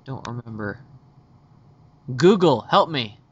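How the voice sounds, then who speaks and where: A man's voice: medium pitch, animated, takes it slowly, slightly rough, muffled recording. A man co-hosting a casual chat show, joking and adding apologetic asides. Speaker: podcast co-host.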